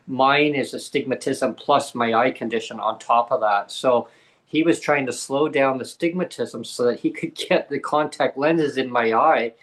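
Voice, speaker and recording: A man's voice: mid-range voice, moderate pace, a bit bright. A man co-hosting a podcast, telling a personal story in a rambling way, full of fillers and acted-out dialogue. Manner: rambling, many fillers, acts out quoted dialogue. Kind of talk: casual storytelling in a video podcast.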